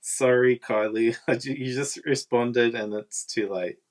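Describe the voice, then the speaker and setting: A woman's voice: very deep voice, steady tone, a little slow. A woman giving a casual, chatty live card-making demonstration and talking with viewers. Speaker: papercraft demonstrator.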